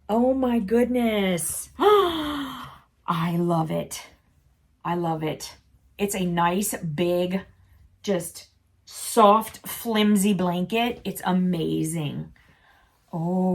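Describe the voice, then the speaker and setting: A woman's voice: mid-range voice, very slow, long pauses. A woman unboxing a cat subscription box, gushing, giggling and baby-talking to her cats.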